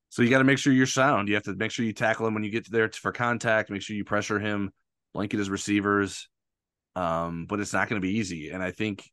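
A man hosting a sports talk show, chatty and hesitant, quick to laugh at himself. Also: low-pitched, a bit bright, no echo. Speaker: podcast host.

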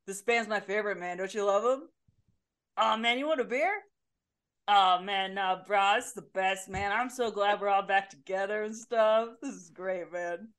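A woman's voice: mid-range voice, moderate pace, a bit bright, clean tone, close to an everyday voice. A woman voicing a laid-back male band manager, a surfer bro with a froggy, Kermit-like voice and drawling slang. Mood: stoked.

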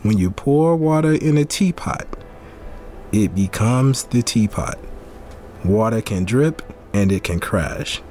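Brief: man doing wise martial arts master impression, low voice, slow, drawn-out accent. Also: expressive, a little mellow, a little hiss or hum. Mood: solemn. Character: calm male martial arts master reciting wisdom.

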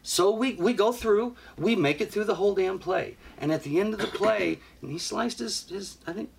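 A man casually telling a story on a podcast, animated and swearing, acting out what he said. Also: high voice, moderate pace, creaky, a little hiss or hum. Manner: animated, profane, acts out his own lines.

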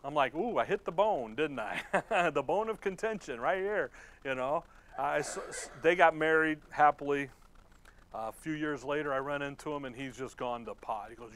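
A man preaching a Bible-study sermon in a conversational, folksy way, laughing often and reading scripture slowly and deliberately. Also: medium pitch, a bit bright, slight background noise. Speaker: pastor.

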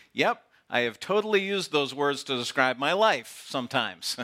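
Bright, slow-talking preacher man. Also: on the high side. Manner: playful, teasing, drops to a hush for effect. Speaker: pastor. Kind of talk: sermon. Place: outdoor gathering with camp chairs.

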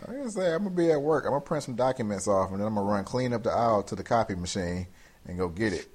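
Low-voiced man rambling playfully. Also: animated, quick pace. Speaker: podcast co-host. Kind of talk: casual podcast banter.

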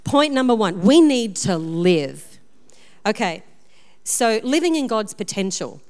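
A woman pastor delivers a sermon full of personal stories, lively and self-deprecating. Her voice is smooth and resonant at a middle pitch. The recording carries a long hall reverb from the church room. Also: a little slow.

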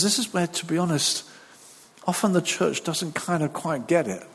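Man, pastor, sermon, animated, acts out voices, husky, long hall reverb. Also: medium pitch.

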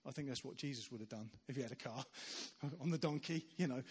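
A man giving a sermon as a visiting preacher, telling stories in an animated way and acting out the voices of the people in them. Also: medium pitch, fast, few pauses. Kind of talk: sermon storytelling. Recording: long reverb of a large church hall.

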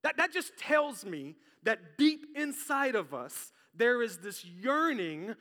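A man preaching a sermon as pastor, lively and joking, talking straight to his congregation. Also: extremely high pitch, slow pace. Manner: lively, jokey, talks straight to the crowd. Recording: long hall reverb.

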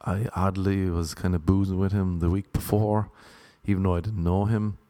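A man with an Irish accent telling rambling, self-mocking stand-up stories in a deadpan way. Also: low voice, normal speed. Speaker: comedian. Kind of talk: stand-up storytelling.

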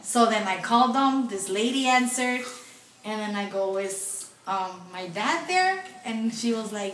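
Unhurried and with lively intonation, a young woman's slightly high voice carries a personal story told casually to friends. She swears a lot and mixes English with Spanish. The mic is distant, the room echoey, with faint noise.

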